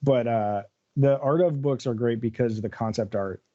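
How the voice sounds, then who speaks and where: Mellow-voiced man, relaxed podcast chat. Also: medium pitch, moderate pace, dry recording, muffled recording. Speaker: podcast co-host. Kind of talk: casual chat.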